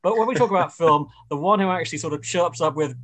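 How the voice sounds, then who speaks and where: A man's voice: a little high, fast, hardly any pauses, fairly bright tone. A man hosting a radio panel chat in a rambling way, with many fillers and restarts. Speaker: radio show host.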